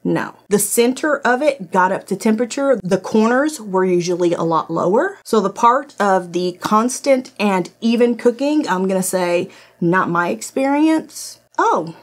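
A woman's voice: medium pitch, animated, measured pace. A woman who did not grow up speaking English hosts a casual product review vlog, talking straight to her viewers. Her delivery is blunt and full of laughter, and she swears freely as she tries out a kitchen gadget at home. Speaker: host of a product review channel. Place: indoors at home, in her office.

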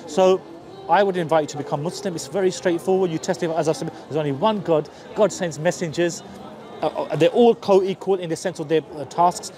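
A man's voice: a little high, brisk, over music. A man from East London with a Cockney accent, preaching earnestly outdoors and often restarting his sentences. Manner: earnest, repetitive, frequent restarts. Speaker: street preacher. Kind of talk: persuasive street preaching. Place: outdoors on a busy city street. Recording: busy street crowd noise.

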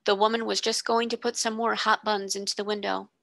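A woman, a tutor, reading a children's novel aloud expressively, slowing on vivid words, on a close mic. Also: medium pitch, flat delivery, vocal fry, a bit bright, no echo. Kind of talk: storybook reading.

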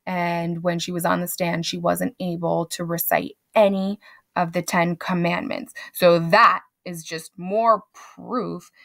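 Chatty woman teacher with vocal fry. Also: fairly low pitch, level tone, takes it slowly, a bit bright. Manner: conversational, chatty, with fillers and asides. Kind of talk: casual spoken lesson summary.

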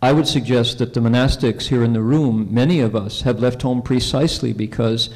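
A male Buddhist monk speaks at a conference, casual and conversational, often turning to the audience with questions. His voice sits at an ordinary middle pitch. Long reverb from a large convention hall hangs on every word. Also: fairly quick, darkish tone. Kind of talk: conference Dharma talk with storytelling.

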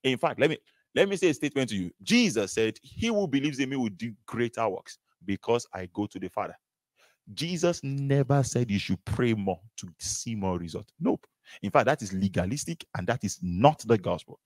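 A man preaching a sermon in an animated way, repeating phrases and asking rhetorical questions. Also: medium pitch, normal speed, no room sound.

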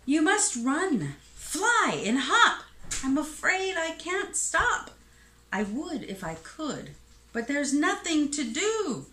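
A woman voicing a big, sorry male elephant in a storybook read-aloud, pleading and excitable. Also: high-pitched, takes it slowly, voice pushed up, heavily acted. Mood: apologetic. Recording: echoey room.

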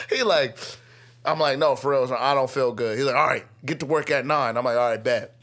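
A man's voice: medium pitch, moderate pace, fairly bright tone. A young man, a podcast guest, telling a story in slangy casual speech and acting out what others said in raised voices. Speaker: guest, rapper and army veteran. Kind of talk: animated storytelling. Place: podcast studio.

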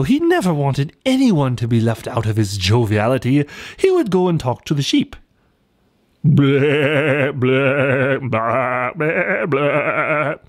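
A man's voice: medium pitch, a little mellow, no echo, clean studio sound. A man narrating a cartoon storybook in a playful, whimsical way.

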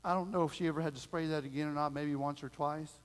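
A middle-aged man preaching a sermon as pastor, telling a family story in a folksy, animated way and acting out the voices. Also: fairly high pitch, quick pace. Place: church sanctuary. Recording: long reverb of a church hall.

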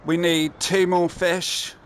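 A man's voice: sits high, flat delivery, takes it slowly, slight background noise. A man giving casual, sweary commentary while playing a game and muttering to himself. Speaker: gameplay commentator. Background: game music.

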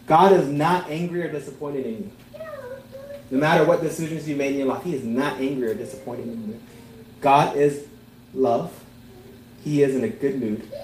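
A man preaching a sermon as pastor, earnest, swelling to emphatic peaks and then dropping to soft, tender lines. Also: medium pitch, moderate pace, pauses often, roomy sound, a little hiss or hum, low-quality recording.

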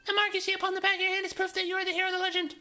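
A man's voice: very high-pitched, completely flat delivery, very fast, noisy background, voice pushed up. A man voicing a solemn young woman chosen by a goddess, giving grand, formal speeches in a let's play voice-over. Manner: grand, formal speeches broken by flustered asides.

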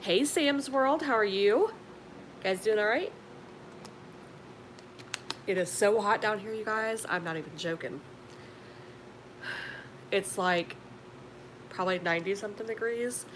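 Lady chatting on her live stream, calls everyone honey, noisy hum and rumble behind her. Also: measured pace, pauses often. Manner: chatty, affectionate, calls viewers honey and sweetie. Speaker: live-stream beauty vlogger. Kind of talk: casual live-stream chat greeting viewers.

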